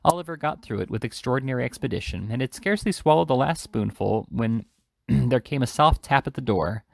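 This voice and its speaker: A man narrates a classic novel in an even, measured reading voice of middling pitch. A gravelly fry runs under his words, and the dry, close recording has no room sound. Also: no echo. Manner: measured, steady reading aloud. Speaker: reader. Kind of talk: audiobook reading.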